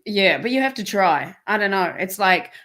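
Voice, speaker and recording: A woman, a stage performer co-hosting a casual chat, talking quickly and animatedly with many fillers. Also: mid-range voice, animated, fairly bright tone. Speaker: actor and podcast co-host.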